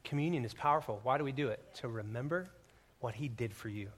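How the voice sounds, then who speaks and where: A pastor delivering a sermon to his congregation in a conversational, joking way, swinging from quiet asides to loud, emphatic declarations. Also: medium pitch, fast talker.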